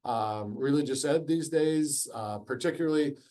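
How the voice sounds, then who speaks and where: A man's voice: mid-range voice, moderate pace, dark tone. A man facilitating an online workshop discussion over a video call, conversational, with frequent ums and uhs. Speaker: course facilitator.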